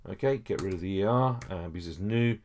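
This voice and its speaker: Over a screen recording, a man teaches French, patiently explaining each step with many "okays" and small hesitations. His voice sits low and slightly mellow, and he speaks briskly.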